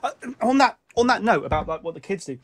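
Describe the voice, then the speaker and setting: Fast and animated, a British man with a notably high voice hosts a laid-back music chat. He repeatedly stops and restarts his sentences, piecing his points together on the fly.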